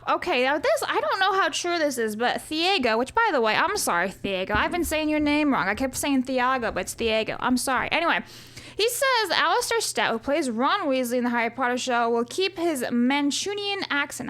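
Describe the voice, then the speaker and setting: A woman's voice: sits high, big pitch swings, fairly quick, fairly bright tone. A woman vlogging casually, chatty and opinionated, ranting about what she dislikes with many asides.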